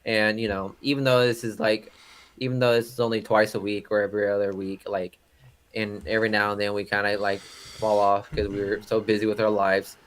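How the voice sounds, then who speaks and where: A man's voice: lowish voice, flat delivery, a little fast. A young man co-hosting a live movie podcast, joking around and swearing in a laid-back way. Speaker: podcast co-host. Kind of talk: casual live-stream chat.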